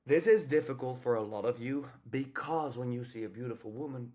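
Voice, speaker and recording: A man talking through dating advice in a loose, unscripted coaching style. He is blunt and profane, and he slips into quick acted snippets of what to say. His voice sits at an ordinary middle pitch. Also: darkish tone. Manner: blunt, profane, acts out example lines. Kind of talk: casual coaching monologue.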